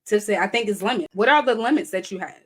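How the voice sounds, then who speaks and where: A woman's voice: mid-range voice, animated, quick pace, fairly bright tone. A young adult woman hosting a casual live-stream chat, talking animatedly, laughing often and reading viewer comments aloud. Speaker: live show host.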